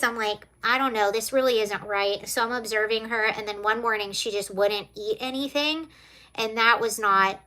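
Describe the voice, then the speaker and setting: A woman's voice: medium pitch, sharp tone. A woman hosting a casual livestream, talking to viewers and tearing up as she speaks. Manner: emotional, tearful, talking to viewers. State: tearful. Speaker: livestream host.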